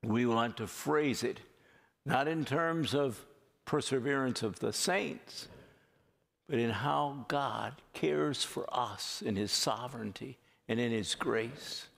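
A man's voice: mid-range voice, slow, creaky, fairly bright tone. A man preaching a sermon as pastor, speaking earnestly and drawing out phrases for emphasis. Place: church sanctuary. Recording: long hall reverb.

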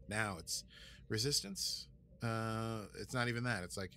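A man's voice: low voice, a little slow, a little hiss or hum. A man co-hosting a podcast, chatting casually in a joking, playful way. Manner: playful, joking, lively delivery. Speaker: podcast co-host.

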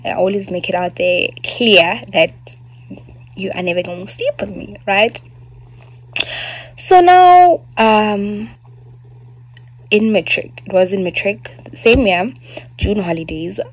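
A woman's voice: mid-range voice, breathy edge, rough recording. A South African woman in her twenties, speaking candidly as a vlogger telling a personal story, with lots of fillers and asides.

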